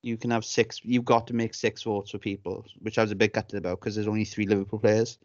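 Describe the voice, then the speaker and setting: Chatty, sweary podcast host. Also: male voice, on the low side, flat delivery, fast talker, darkish tone, no room sound, highs cut off. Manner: chatty, swears freely, tells anecdotes with relish. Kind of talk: casual podcast banter.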